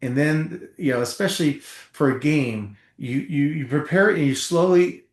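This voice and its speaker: A middle-aged man from New Jersey speaks with a slightly high voice, telling animated stories as a podcast guest. His talk is emphatic and loose, with the odd curse, and the room gives it a roomy echo. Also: moderate pace. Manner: animated storyteller, emphatic, swears casually. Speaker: podcast guest, former football player. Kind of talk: storytelling interview.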